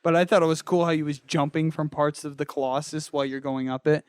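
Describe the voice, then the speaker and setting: A man's voice: fairly high pitch, fairly even intonation, fast, a little mellow, smooth, no room sound, studio quality. A man co-hosting a game review podcast, cracking jokes and eagerly chiming in. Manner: joking, eager, chimes in. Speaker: podcast co-host. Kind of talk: casual game review chat.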